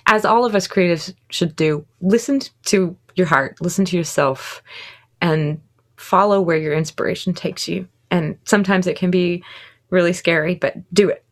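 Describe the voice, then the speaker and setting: A woman in her thirties, a musician guest in a casual interview, talking excitedly and laughing often. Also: on the low side, moderate pace.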